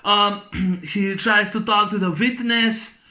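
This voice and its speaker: A man with a high, bright voice talks through a movie review in a loose, casual way. He rambles, leans on fillers and keeps breaking into laughter as he retells scenes. The tone stays crisp and forward throughout. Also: steady tone, takes it slowly. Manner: rambling, full of fillers and "you know".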